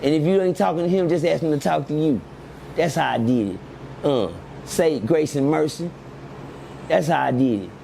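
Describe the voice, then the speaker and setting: A middle-aged man, telling stories in an animated, preachy way and repeating lines for emphasis. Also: on the high side, moderate pace, vocal fry, a little hiss or hum. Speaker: podcast guest. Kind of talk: casual storytelling chat.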